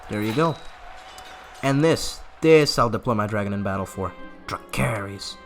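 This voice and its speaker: A man's voice: lowish voice, expressive, moderate pace, faint music behind. A man giving casual gameplay commentary, laughing often and reading game text aloud with asides. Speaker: gaming YouTuber.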